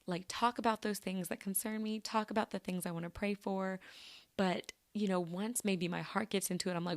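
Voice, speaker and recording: A woman's voice: medium pitch, fairly even intonation, moderate pace, no room sound. A young woman hosting a solo podcast, talking earnestly and casually with many fillers and restarts. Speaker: podcast host. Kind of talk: reflective solo podcast talk.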